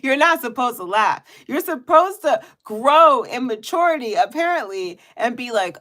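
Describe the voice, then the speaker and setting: A woman chatting casually to her viewers in a weekly live check-in video. She laughs often and throws in animated quoted asides. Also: a little high, moderate pace, hardly any pauses. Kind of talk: casual chat. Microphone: headphones on.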